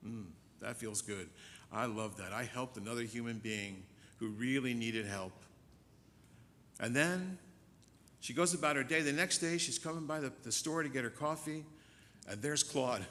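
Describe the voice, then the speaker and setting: A male minister preaches in a church, his voice bright and forward, with a long reverb tail. He tells a story, swinging from hushed, drawn-out lines to loud, quick bursts. A faint low rumble sits under the sound. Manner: storytelling, shifts from soft and slow to loud and fast. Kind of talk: sermon. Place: church sanctuary.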